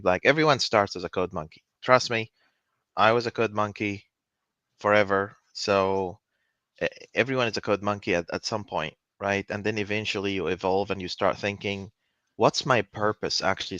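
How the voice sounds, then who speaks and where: Bright-voiced man, casual tech chat. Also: lowish voice, moderate pace, no room sound, dull audio. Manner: emphatic, repeats "right?" often. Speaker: host. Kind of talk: casual conversation about software careers.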